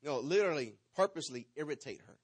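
Animated man preaching a story. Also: a little high, fast talker, husky. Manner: animated storyteller, swings from loud to hushed. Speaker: pastor. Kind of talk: sermon with personal story.

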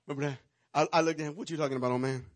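A man's voice: fairly high pitch, fairly even intonation, very fast. A man preaching a sermon, telling a playful, dramatic story and acting out the parts. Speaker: pastor.

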